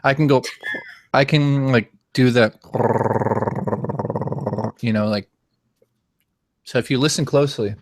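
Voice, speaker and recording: A man's voice: medium pitch, unhurried, long pauses, a little hiss or hum. A man from the Netherlands, a YouTube guest, chatting casually and joking about doing voice impressions. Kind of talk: casual chat.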